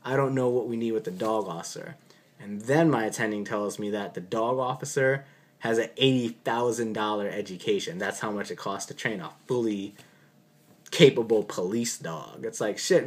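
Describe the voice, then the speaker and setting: A man's voice: fairly low pitch, moderate pace, slightly rough. A man, a doctor, casually telling a story from an on-call night shift with a dry, sarcastic edge. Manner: wry, sarcastic delivery. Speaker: physician recounting an on-call shift.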